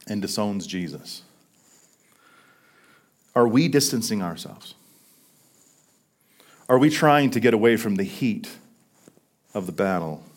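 A man preaching a sermon, swinging from loud emphatic peaks down to hushed, low lines. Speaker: pastor.

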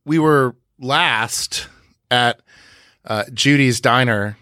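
A man's voice: medium pitch, drawn-out words, sharp tone, dry recording, studio quality. A man hosting a podcast, recapping scenes in detail in a casual way, with frequent "uh" fillers. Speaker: podcast host.

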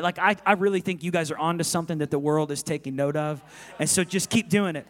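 A man in his thirties preaching as a guest pastor, telling a story with passion and swinging between loud and hushed. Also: on the high side, quick pace. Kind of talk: sermon. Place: large church auditorium. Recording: long reverb of a large hall.

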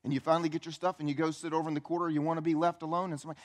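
A man preaching a sermon as a pastor, telling the story in an animated, conversational way, acting out quotes and asking the audience questions. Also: a little high, very fast, few pauses.

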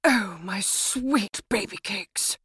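A man voicing a doting mother who gushes over her daughter in a soft, soppy way. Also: sits high, takes it slowly, no echo, clean studio sound, pitched above the performer's own voice, heavily acted. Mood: gushing. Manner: gushing, breathy and soppy.

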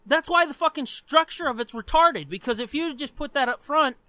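A man's voice: very high-pitched, expressive, brisk, sharp tone, dry recording. A man co-hosting a podcast who rants about a comic book in emphatic, profane casual chat. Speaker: podcast co-host.

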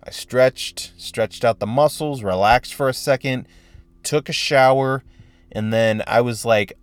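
A man's voice: mid-range voice, measured pace, clear, resonant tone, no room sound. Profane rambling podcast host, man. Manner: profane, rambling, exasperated storytelling. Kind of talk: casual solo podcast rant.

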